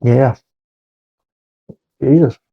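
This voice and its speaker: A man's voice: mid-range voice, drawn-out words, gravelly, slightly rough, lo-fi sound. A man giving a blunt, rambling, sweary beer review in a casual spoken style.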